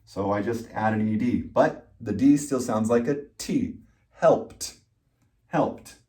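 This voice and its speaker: Slow, patient male English teacher. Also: on the low side, warm tone. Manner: slow and patient, repeating words and spelling out letters. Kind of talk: slow, deliberate pronunciation lesson.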